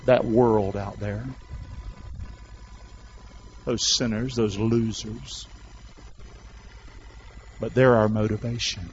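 A male pastor preaching a sermon, calling out to the congregation and rising to shouts. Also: medium pitch, lo-fi sound, a little hiss or hum. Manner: loud call-and-response preaching, rising to shouts.

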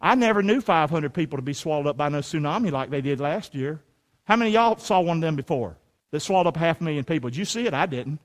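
A man in his forties preaching a sermon to a congregation, animated and often shouting, firing rhetorical questions at the room. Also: fairly high pitch, quick pace. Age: 40s. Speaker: pastor. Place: church sanctuary.

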